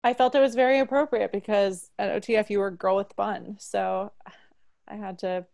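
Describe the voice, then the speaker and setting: A woman's voice: medium pitch, fairly even intonation, normal speed, creaky, a little mellow, muffled recording. A young woman from Florida, a guest on a casual podcast, chatting with lots of "like". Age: young adult. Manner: chatty, uses "like" a lot.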